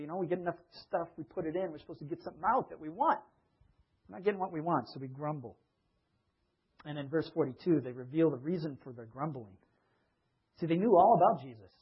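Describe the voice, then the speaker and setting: A man preaching a conversational sermon, asking his listeners questions and sometimes acting out grumbling voices with a rising pitch. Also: slightly rough, muffled recording. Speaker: pastor.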